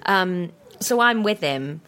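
A woman's voice: on the low side, expressive, slow, fairly bright tone. A woman co-hosting a podcast, chatting casually in a playful, teasing, giggly way. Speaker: podcast co-host. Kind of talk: casual chat.

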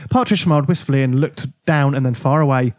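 A man's voice: medium pitch, fast talker, a little mellow. A man hosting a casual podcast chat, reading passages from a book aloud in a wry way and laughing along. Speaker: podcast host.

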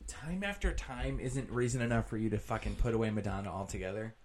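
A man's voice: fairly low pitch, fast, a little mellow, slight background noise. A man co-hosting a podcast, chatting casually about a TV episode, swearing and joking with lots of fillers. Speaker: podcast co-host.

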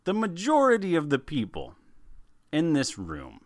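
A man co-hosting a podcast in casual chat, animated and laughing, often repeating words as he starts a sentence. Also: a little high, measured pace, dry recording, studio quality. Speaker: podcast co-host.

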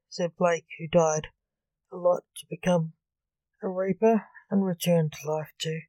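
A woman reading a story aloud at a slow, unhurried pace, calm and steady. Her voice is mellow and lowish, and the recording is dry and close. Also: no room sound.

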